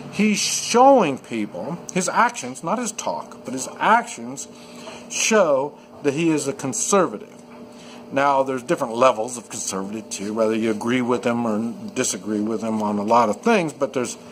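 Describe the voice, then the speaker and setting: Casting note: man of middle pitch, rambling unscripted monologue, lots of false starts, faint noise in the background. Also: low-quality recording. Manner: rambling, many restarts and fillers. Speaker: video commentator. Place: at home in the countryside.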